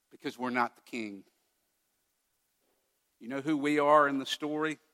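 A male pastor preaching a sermon with emphatic delivery, swinging from loud declarations to hushed asides. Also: medium pitch, fairly even intonation, slow.

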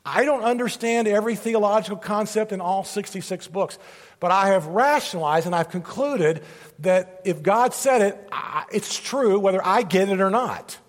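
A pastor delivers an earnest sermon in a fairly high male voice, repeating key phrases for emphasis. His words ring out with a long reverb from the large hall where he is preaching to a gathered congregation. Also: moderate pace.

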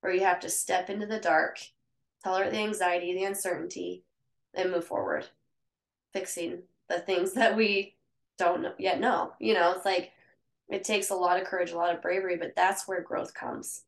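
A woman co-hosting a podcast in casual chat, telling candid, lively stories. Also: lowish voice, moderate pace, creaky. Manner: candid, animated storytelling. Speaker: podcast co-host. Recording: echoey room.

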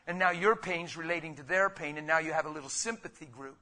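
Animated preacher man with a bright voice. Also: on the high side, fast talker, few pauses, a little hiss or hum. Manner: animated, rhetorical, with sudden loud bursts; conversational, calls listeners "man" and "guys". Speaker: pastor. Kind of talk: sermon.

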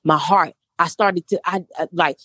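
A woman's voice: fairly low pitch, normal speed, fairly bright tone, slightly rough, dry recording, clean studio sound. A woman in her thirties, a life coach guest, speaking earnestly in a preacherly way and repeating phrases for emphasis. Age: 30s. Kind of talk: casual interview talk.

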